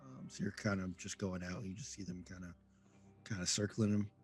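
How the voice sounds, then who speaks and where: Guy game master with a lowish voice, lots of ums and stops, faint music behind. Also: steady tone, a little mellow. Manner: halting, full of ums and restarts. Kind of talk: narrating a tabletop game.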